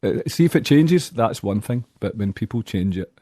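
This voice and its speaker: A man's voice: fairly low pitch, lively intonation, normal speed, mellow, breathy edge, no room sound, studio quality. A man with a Glaswegian accent, talking bluntly and plainly as a musician in a casual interview. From Scotland. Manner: blunt, plainspoken, uses local slang. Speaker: musician guest.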